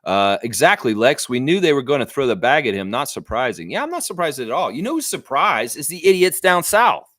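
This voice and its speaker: A man's voice: mid-range voice, big pitch swings, a little fast, few pauses, fairly bright tone, no room sound. A man from Canada hosting a live sports chat stream, reading chat aloud and ranting bluntly with lots of fillers. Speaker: livestream host.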